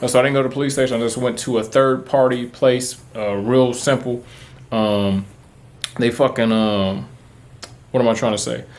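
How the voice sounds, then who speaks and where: A man's voice: medium pitch, steady tone, moderate pace, darkish tone. A man, talking to camera in a casual, rambling, profane way, full of fillers. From Texas. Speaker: vlogger. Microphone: camera mic, talking to camera.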